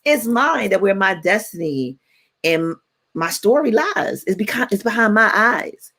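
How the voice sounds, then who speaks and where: A woman in her forties, co-hosting a radio talk show and telling stories in a playful, animated way. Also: medium pitch, unhurried. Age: 40s. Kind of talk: casual chat.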